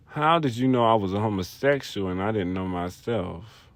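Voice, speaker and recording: A young man telling a personal story in a casual vlog, rambling, animated and profane. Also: fairly low pitch, moderate pace, dry recording. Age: young adult. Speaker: vlogger.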